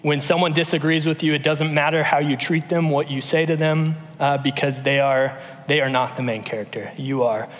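A man in his thirties delivers a relaxed, story-driven sermon, stumbling into restarts and fillers as he talks. His voice sits a little high for a man. A long reverb from the big hall trails behind every phrase. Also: moderate pace, few pauses. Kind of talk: conversational sermon.

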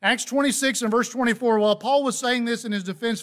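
A man's voice: very high-pitched, fairly even intonation, quick pace, hardly any pauses. A man preaching a sermon to a congregation, talking earnestly and conversationally between scripture readings.

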